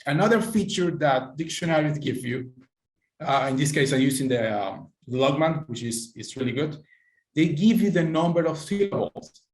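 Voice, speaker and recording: A man's voice: a little high, expressive, normal speed. Man teaching pronunciation in an echoey room. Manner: patient, encouraging, calls on students by name. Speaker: English teacher. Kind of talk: online pronunciation class. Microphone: computer mic on a video call.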